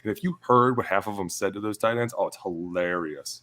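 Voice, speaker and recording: A man with a fairly low voice chats casually on a sports podcast. He tells stories with energy and acts out the coaches and players in them. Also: brisk, fairly bright tone. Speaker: podcast co-host, former offensive lineman.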